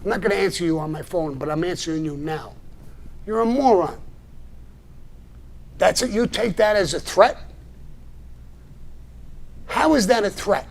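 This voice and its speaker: A man's voice: sits high, moderate pace, pauses often. An older man hosting a live show, answering a viewer's message in a blunt, profane, combative monologue. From New York. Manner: profane, combative and indignant, with short gruff laughs.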